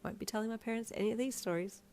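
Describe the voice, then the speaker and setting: A woman's voice: a little high, rapid-fire, darkish tone, slight background noise, voice pushed up, natural voice. A woman voicing the listener character, an emotional young woman leaving home who turns sassy. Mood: resolute. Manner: quivering, tearful, then sassy.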